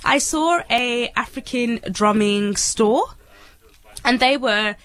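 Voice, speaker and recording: A woman's voice: on the high side, slow pace, a bit bright. A woman co-presenting a casual radio show from a festival studio, enthusiastic and full of fillers.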